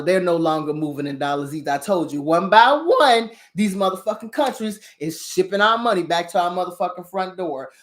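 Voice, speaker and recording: A woman giving a heated, profanity-laced rant on current events, combative and emphatic as she talks straight to her viewers. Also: medium pitch. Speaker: spiritual commentator on current events.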